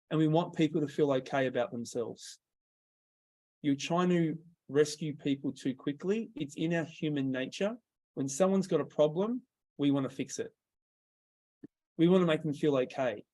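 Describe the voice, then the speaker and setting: A man's voice: fairly high pitch, darkish tone. A man with an Australian accent coaching a sales workshop, direct and quizzing his group as he goes. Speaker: sales trainer.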